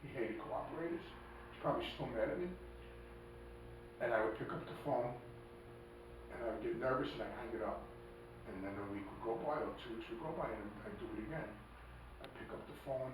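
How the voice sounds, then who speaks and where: A man's voice: medium pitch, brisk, long pauses. Blunt man telling a story. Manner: blunt, emphatic, acts out quoted speech. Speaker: podcast guest. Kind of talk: conversational storytelling. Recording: echoey room, distant mic, faint noise.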